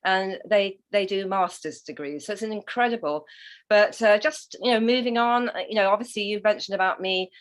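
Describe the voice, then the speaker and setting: A middle-aged woman with an English accent, chatting as a guest in a livestreamed interview, upbeat and warm with her host. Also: mid-range voice, brisk. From England. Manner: chatty, upbeat, says "honey" often. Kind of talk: casual interview chat.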